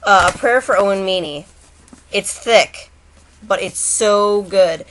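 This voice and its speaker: A woman's voice: medium pitch, takes it slowly, fairly bright tone, slight background noise. A young woman chatting casually to her camera at home, rambling, with restarts and asides. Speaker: vlogger. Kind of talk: casual chat.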